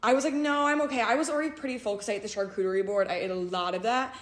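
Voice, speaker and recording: A young woman co-hosting a podcast, telling an animated story full of fillers and bursts of laughter. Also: medium pitch, rapid-fire. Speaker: podcast co-host. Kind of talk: casual storytelling chat. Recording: roomy echo.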